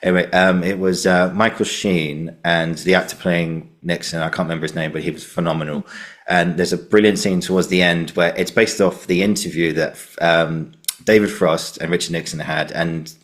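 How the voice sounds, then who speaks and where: A man's voice: low voice, fairly even intonation, moderate pace, a bit bright. A man hosting a podcast interview, rambling loosely through stories with lots of fillers. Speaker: podcast host. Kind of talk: casual interview chat.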